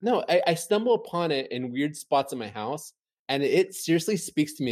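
A man chatting casually from home, telling an animated, rambling story full of fillers. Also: a little high, moderate pace. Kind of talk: casual chat.

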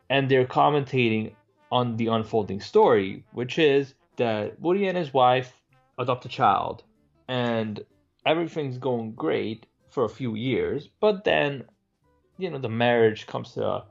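A man with a gravelly, creaky voice talks through a film in a relaxed podcast chat. He banters and swears freely with his co-host. The sound is a bit dull, with faint music underneath. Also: medium pitch, a little slow. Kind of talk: casual film discussion.

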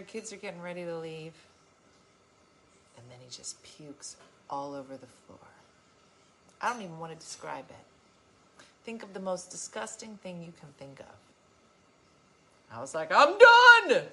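A woman vlogger talks straight to her viewers in a casual, emphatic way. Her pitch swings widely as she tells her stories, and her tone is bright and forward. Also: a little slow, long pauses, slight background noise. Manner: emphatic, animated storytelling. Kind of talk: casual chat to viewers, reading comments.

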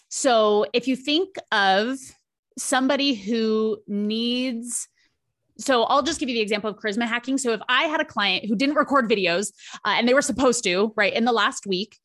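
A woman's voice: fairly high pitch, fairly bright tone. A woman business coach explaining her ideas as a podcast guest, fluent and methodical, often checking in with "right?". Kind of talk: conversational explaining.

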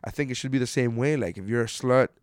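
A man in his thirties ranting casually, cursing often and swinging from low mutters to loud outbursts. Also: fast, clean tone, no echo, studio quality. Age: 30s. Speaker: commentator reading an article. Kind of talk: casual rant.

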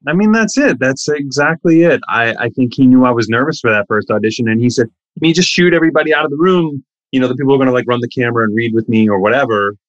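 A middle-aged man tells stories in a loose, casual way and bursts into lively quoted voices, jumping well up in pitch. His voice sits in an ordinary middle register and sounds close and dry, with no room around it. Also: quick pace, dry recording, muffled recording. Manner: animated, acts out quoted voices with big pitch jumps. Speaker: actor guest. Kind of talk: casual anecdotal storytelling.

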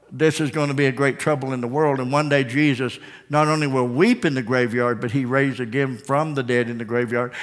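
A man preaching a sermon as pastor, swinging between hushed, drawn-out lines and soaring, repeated phrases. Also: mid-range voice. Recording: long hall reverb.

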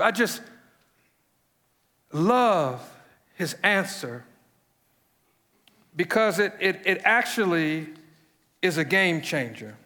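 A man's voice: sits high, big pitch swings, slow, long pauses, pushed and bright, in a large hall. A man preaching a sermon to a congregation, repeating phrases and rising to emphatic peaks. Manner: preaching with repetitions and emphatic rises. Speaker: pastor.

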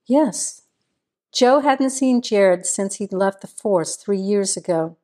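A woman narrating a small-town crime novel in a measured storytelling manner. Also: medium pitch, animated, mellow. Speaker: audiobook narrator. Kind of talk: scripted narration.

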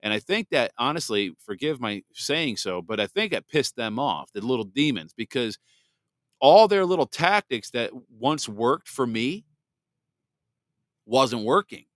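Male podcast host, candid rambling testimony, dry close mic, mid pitch. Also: sing-song, a little slow, fairly bright tone, dry recording. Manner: candid, rambling, with many restarts. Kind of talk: personal testimony monologue.

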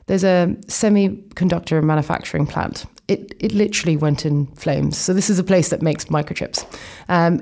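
A woman's voice: low-pitched, a little mellow. A young Irish woman from Ireland, chatting casually in a vlog and rambling through plenty of asides as she explains things. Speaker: vlogger.

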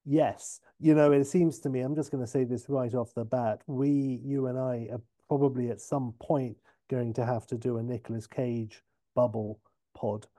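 A man's voice: mid-range voice, fairly even intonation, moderate pace, dark tone. A man co-hosting a movie podcast, rambling chattily with asides. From England. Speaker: podcast co-host. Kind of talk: casual podcast chat.

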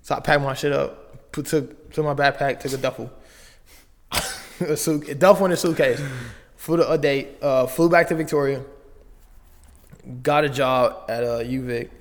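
Gravelly young man, slangy storytelling. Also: medium pitch, moderate pace, pauses often, long reverb tail. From Las Vegas, USA. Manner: loose slangy talk, many fillers and restarts. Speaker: guest, basketball player. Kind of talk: casual storytelling.

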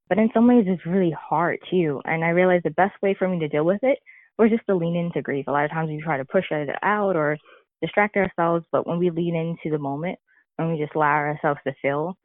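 A woman's voice: deep voice, no echo. A woman speaking candidly and reflectively as a podcast guest, telling a personal story with occasional laughter. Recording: tinny phone-like line.

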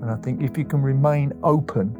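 A man's voice: medium pitch, a little fast, over music. A man in his fifties from England, speaking candidly and emotionally as an interview guest, acting out past conversations as he tells his story. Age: 50s. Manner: emotional, open storytelling with lively retold dialogue.

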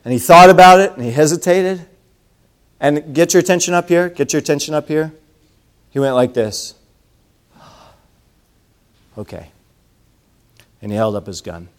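A man preaching a sermon, telling a story with animated swings between loud calls and hushed asides. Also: on the high side, normal speed, long pauses.

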